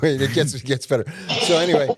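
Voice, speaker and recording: A man's voice: medium pitch, fast talker, heavy background noise. A man telling a rambling, colloquial story on a podcast, with a bit of casual cursing. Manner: rambling, colloquial, mildly profane. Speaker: podcast guest or host.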